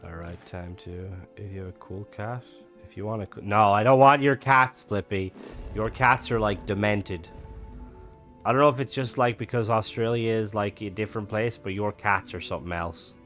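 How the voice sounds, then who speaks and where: A man's voice: fairly low pitch, normal speed, a bit bright, faint music behind. A young man chatting casually while he streams a game, rambling with lots of fillers. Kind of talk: casual gameplay chat.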